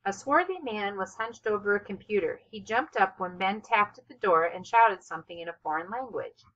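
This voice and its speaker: A woman reading a children's novel aloud as narrator, with expressive, steady storytelling. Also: medium pitch, moderate pace, muffled recording. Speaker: audiobook narrator. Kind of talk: scripted narration.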